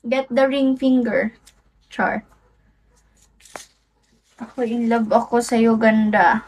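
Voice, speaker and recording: High-voiced, unhurried Filipino young woman. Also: fairly even intonation. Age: young adult.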